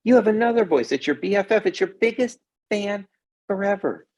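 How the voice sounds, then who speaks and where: A middle-aged man giving an energetic motivational talk to kids as a confidence coach, often checking in with "okay?". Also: sits high, a little fast.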